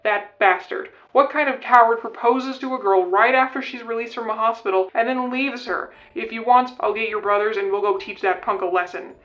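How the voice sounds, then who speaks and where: Brief: woman reading as a gruff father, curt and protective, dull lo-fi audio story sound. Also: medium pitch, steady tone, normal speed, distant mic, faint music behind, close to an everyday voice. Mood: angry. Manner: curt, blunt and loud.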